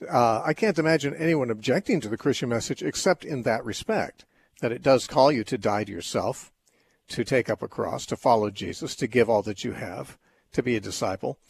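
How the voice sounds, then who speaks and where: A middle-aged man hosting a call-in radio show, explaining Bible passages in a measured way with occasional restarts. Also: mid-range voice, creaky, slightly rough, no echo. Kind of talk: call-in radio talk, teaching.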